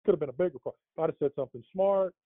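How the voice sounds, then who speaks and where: A man's voice: a little high, very fast, no echo. A middle-aged man telling a long anecdote in a casual interview, rambling with lots of fillers and restarts and chuckling as he goes. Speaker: interview guest. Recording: dry, tinny phone-like line.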